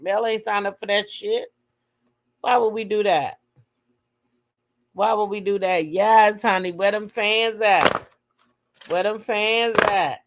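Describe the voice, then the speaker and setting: A woman hosting a casual gossip livestream, talking with her chat, swearing freely and breaking into high shrieks as she retells her reactions. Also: gravelly, a little hiss or hum. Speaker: livestream host.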